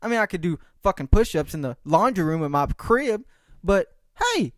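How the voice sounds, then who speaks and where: Jokey, animated, and profane, a young podcast host rambles through a casual solo monologue. His voice sits high and moves at a normal speed, recorded in studio quality without echo.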